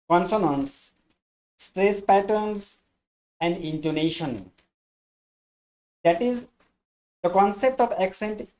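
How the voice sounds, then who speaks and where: A woman with an Indian English accent who teaches an English lesson slowly and deliberately, restating each point in new words. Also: mid-range voice, dark tone, low-quality recording. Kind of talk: explanatory lesson.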